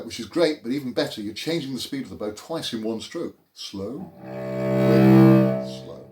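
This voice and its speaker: A man teaching a beginner cello lesson in an informal, explanatory way with dry, self-mocking humour. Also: mid-range voice. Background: cello playing between phrases.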